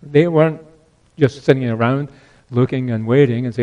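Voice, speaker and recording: An older man preaching a sermon, earnest, repeating key phrases and swinging between loud exhortation and hushed asides. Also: mid-range voice, normal speed, dull audio.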